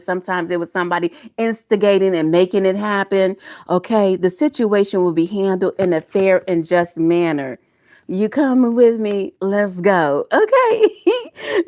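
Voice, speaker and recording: A woman's voice: on the low side, darkish tone. Emotional, folksy middle-aged woman tarot reader. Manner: emotional, laughing, folksy and preachy, talks to viewers as y'all. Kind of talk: live tarot reading.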